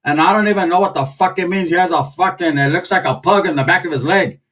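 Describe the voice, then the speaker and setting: A man's voice: sits high, quick pace, a bit bright, recorded from a distance. A man putting on his cursing, scolding grandmother in his storytelling.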